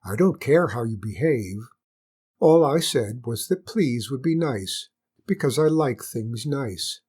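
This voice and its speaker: Man as a gentle, reasonable storybook hare, husky, unhurried. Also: mid-range voice, animated. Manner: mild, reasonable. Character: calm reasonable magic male hare.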